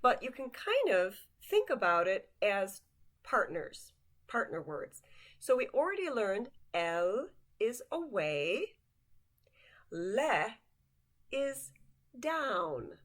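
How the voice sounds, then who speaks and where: A woman leads a vocabulary lesson at a very slow, deliberate pace. Her pitch rises and falls in a lively way as she repeats each word and coaxes the listener to say it with her. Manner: patient, drills each word slowly for the learner to repeat. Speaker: language teacher.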